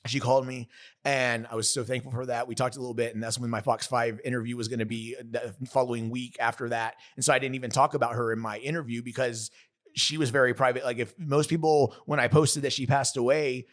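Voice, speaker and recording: Earnest, halting man in his thirties. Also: medium pitch, flat delivery. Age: 30s. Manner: earnest, halting, many restarts and self-corrections. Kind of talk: emotional personal storytelling.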